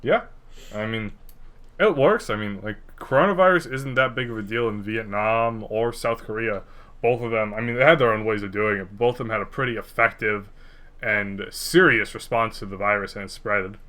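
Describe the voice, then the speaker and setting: A man's voice: fairly low pitch, moderate pace, sharp tone. A young man co-hosting a podcast in a casual, rambling chat, cursing freely. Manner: rambling, laid-back, swears freely. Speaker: podcast co-host.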